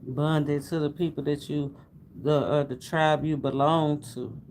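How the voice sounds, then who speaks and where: A man's voice: on the high side, flat delivery, measured pace, darkish tone, slight background noise, rough recording. A man giving a casual tarot reading to viewers, talking in a loose, repetitive, preacher-like rhythm with asides to the audience. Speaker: tarot reader.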